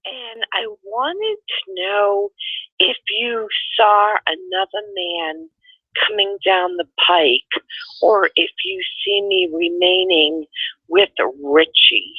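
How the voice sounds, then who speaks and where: A hoarse woman calling in to a radio show and asking a question in a halting, soft way. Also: medium pitch, lively intonation, no room sound. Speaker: caller. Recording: tinny phone line.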